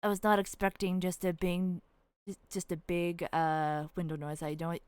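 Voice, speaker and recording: With a lowish, smooth, darkish voice and a flat delivery at a measured pace, a woman chats casually to viewers during a video game livestream. She rambles, giggles and squeals at cute characters, and there's no room sound.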